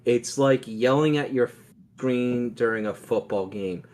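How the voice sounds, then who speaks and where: A man's voice: medium pitch, a little slow, a little mellow. A man co-hosting a podcast, giving firm opinions in a matter-of-fact way. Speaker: podcast co-host. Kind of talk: casual chat.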